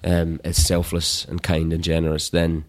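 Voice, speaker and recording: A young Scottish man with a low, deep voice, chatting as an interview guest. He talks thoughtfully, restarting his sentences, and laughs easily between points. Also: monotone, moderate pace. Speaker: actor guest. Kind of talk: relaxed interview chat.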